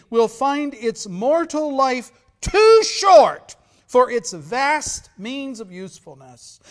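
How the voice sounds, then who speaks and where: A man reading aloud as a regretful male ghost in chains, declaiming slowly, loud and drawn out. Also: very high-pitched, voice pushed up, exaggerated voice.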